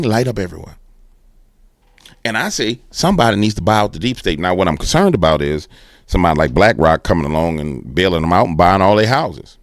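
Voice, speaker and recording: Deep voiced guy doing political commentary, lively swoops, playful bing-bing noises, dry close mic. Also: a little fast, no room sound. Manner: animated, slangy, playful sound effects.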